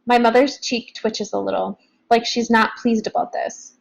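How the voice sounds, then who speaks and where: A woman reading a novel aloud in first person, in plain, steady storytelling. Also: fairly high pitch, normal speed, creaky, poor audio. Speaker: audiobook narrator.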